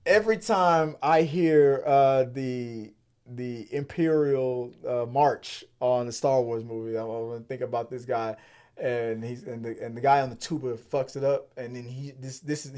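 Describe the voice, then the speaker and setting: A man's voice: on the high side, darkish tone. Rambling, profane male podcast host. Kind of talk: casual chat.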